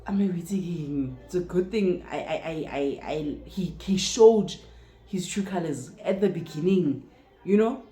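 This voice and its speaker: A young South African woman with a Sesotho-speaking accent, telling a storytime vlog in a casual, animated way, swearing freely and acting out both sides. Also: on the low side, measured pace, roomy sound. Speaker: vlogger.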